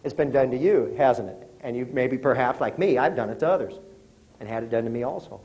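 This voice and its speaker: A man's voice: medium pitch, fairly quick, darkish tone, rough recording. A middle-aged man giving a motivational talk to a live audience, conversational and joking, often asking the audience questions. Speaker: motivational speaker.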